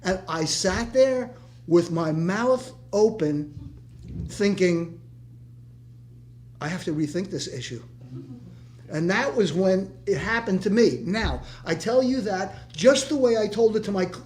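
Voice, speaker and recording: Rambling older man, high voice. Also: unhurried, darkish tone. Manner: rambling storyteller, many restarts. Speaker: retired teacher in audience. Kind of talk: community discussion comment. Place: meeting room.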